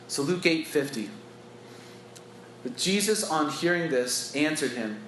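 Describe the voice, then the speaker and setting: A man's voice: medium pitch, expressive, normal speed, a bit bright, echoey room, slight background noise, low-quality recording. A man giving an earnest, reflective Bible teaching to church staff, talking conversationally, recorded on a phone in a meeting room.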